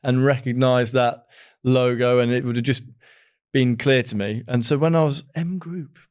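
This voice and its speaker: A man's voice: medium pitch, steady tone, moderate pace, darkish tone, clear, resonant tone. A man from the Midlands hosting an interview podcast, chatty and enthusiastic, often laughing. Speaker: podcast host. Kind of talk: casual interview chat.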